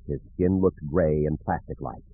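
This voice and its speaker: A man narrating an audiobook in an expressive storytelling manner, with a husky voice. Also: very deep voice, moderate pace. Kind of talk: scripted narration. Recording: narrow phone-like audio.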